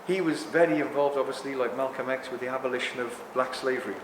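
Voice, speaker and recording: Animated man in his sixties, echoey hall. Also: medium pitch, fast, a little hiss or hum. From England. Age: 60s. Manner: animated, ranting, apologetic asides. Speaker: speaker at a talk. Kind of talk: rambling live talk to an audience. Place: hall with a live audience. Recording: echoey hall with long reverb.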